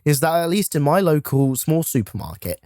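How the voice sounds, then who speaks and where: A man chatting casually as a gaming co-host, animated and quick to laugh. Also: on the high side, no room sound, clean studio sound. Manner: animated, laughs often, slips into silly voices. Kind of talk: casual chat while gaming.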